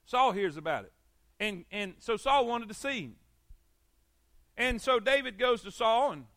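A preacher man with a high, ringing voice leads an evening church sermon. He talks in a folksy, repetitive way and keeps calling for amens. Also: pushed and bright, no echo, clean studio sound. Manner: folksy, repeats phrases, calls for amens. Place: church service.

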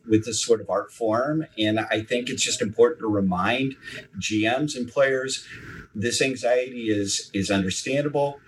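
A man's voice: fairly low pitch, a little hiss or hum, low-quality recording. An older man on a discussion panel, reflective and reassuring as he recalls the early days of the hobby.

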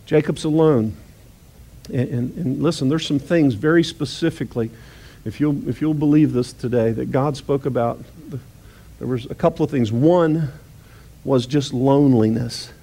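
A male pastor preaching a sermon, emphatic and repetitive, acting out Bible dialogue and rising toward near-shouts on key lines. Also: medium pitch, moderate pace. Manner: acts out Bible dialogue in character voices.

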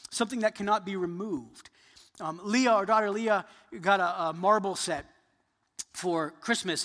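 A man in his thirties preaching a sermon, earnest, building to emphatic points and then dropping soft. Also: sits high, long reverb tail. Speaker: pastor.

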